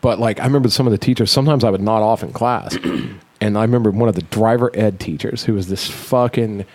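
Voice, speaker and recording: Fast-talking, foul-mouthed storytelling man. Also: on the low side. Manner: animated, heavily profane storyteller. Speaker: podcast host. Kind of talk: casual storytelling chat.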